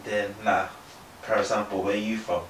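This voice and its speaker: Low-key man co-host, far from the mic. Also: flat delivery, normal speed, a bit bright, slight background noise. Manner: brief, low-key replies. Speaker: podcast co-host. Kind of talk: casual chat. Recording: echoey room, mic at a distance.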